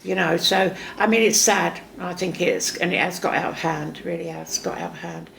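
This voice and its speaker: An older Englishwoman from Hertfordshire with a Cockney-sounding accent, chatting as a guest and telling lively stories. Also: on the low side, normal speed, vocal fry, slight background noise. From England, Hertfordshire. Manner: lively storyteller, talks over others, chatty. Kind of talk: casual chat.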